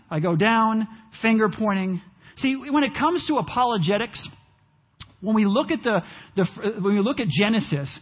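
A man preaching a sermon in church, animated and at times rising almost to a shout. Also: high voice, slightly rough, highs cut off. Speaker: pastor.

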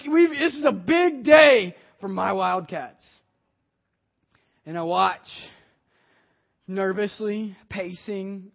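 A middle-aged man from Kentucky preaching a sermon, praying and then telling a lively story about himself. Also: high voice. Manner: animated storytelling, acting out his own excitement. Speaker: pastor. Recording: dull lo-fi sermon audio.

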